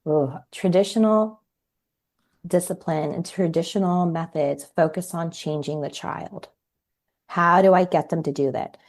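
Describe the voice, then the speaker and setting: On a podcast, a woman in her forties who works as a parenting coach shares lively stories and performs the quoted dialogue. She speaks in a lowish voice at an unhurried pace.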